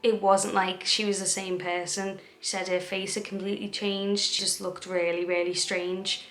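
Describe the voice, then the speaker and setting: A woman's voice: mid-range voice, little pitch movement, normal speed, a bit bright, slight background noise. A young woman vlogger retelling a true crime story in a chatty way, acting out the quoted dialogue. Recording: echoey room.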